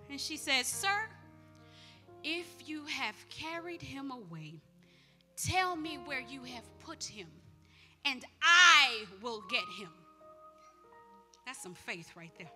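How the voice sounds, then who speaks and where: A woman preaching a live sermon in church, shouting fervent declarations and prayers. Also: high-pitched, long reverb tail.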